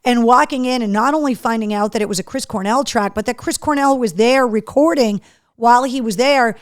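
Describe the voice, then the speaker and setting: A radio and podcast host with a somewhat high, brisk voice chats casually on a live show, reading viewer comments aloud in an animated way while fighting off the hiccups. The recording has studio quality, with no room sound.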